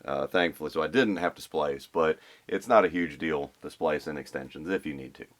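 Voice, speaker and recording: With a rumbling low voice and a brisk pace, this guitar restorer explains swapping a pickup in an offhand, think-as-he-goes way, full of fillers and restarted sentences.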